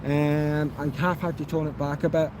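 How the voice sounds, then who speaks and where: A man from Scotland with a softened Scottish accent, chatting casually on a live stream and answering viewers, rambling with lots of fillers and restarts. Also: fairly high pitch, little pitch movement, moderate pace, noisy background. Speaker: YouTube auditor answering live chat.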